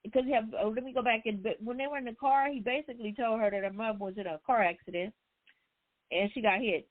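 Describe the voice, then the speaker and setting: Woman retelling a novel, relaxed and chatty, phone-line sound. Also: on the high side, fast talker. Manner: retells the story loosely with conversational fillers. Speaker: book discussion host. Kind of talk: casual book recap.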